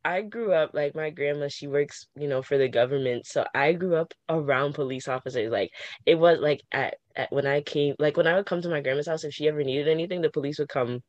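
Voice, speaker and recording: Animated young woman, dry close sound. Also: low voice, dry recording, dull audio. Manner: animated, rapid restarts and frequent laughter. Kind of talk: casual conversation.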